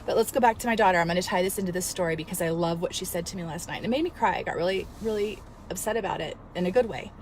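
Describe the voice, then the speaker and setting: A woman in her thirties, a fitness coach, telling a story in an earnest, emotional, animated way and giving motivational advice. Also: fairly low pitch, rapid-fire, hardly any pauses, a little hiss or hum. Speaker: fitness coach and studio owner. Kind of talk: casual motivational vlog.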